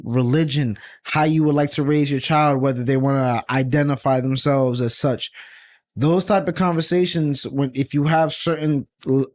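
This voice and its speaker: A man co-hosting a podcast in casual chat, slightly tipsy, halting and restarting his words. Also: mid-range voice, steady tone. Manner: halting, restarts words, says he is slurring from liquor. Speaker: podcast co-host.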